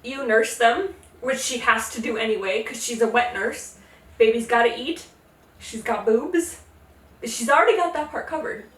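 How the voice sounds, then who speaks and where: Woman, casual storytelling host, jokey, highish voice, echoey room. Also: distant mic. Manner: chatty, jokey, acts out characters in quick put-on voices. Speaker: podcast host. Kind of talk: casual tipsy mythology retelling.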